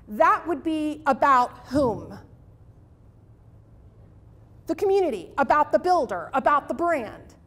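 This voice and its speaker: A woman speaker giving a lively marketing keynote to a live audience, emphatic and pleading at times. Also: high-pitched, moderate pace, hardly any pauses. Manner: animated, emphatic, pleading asides. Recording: reverberant hall.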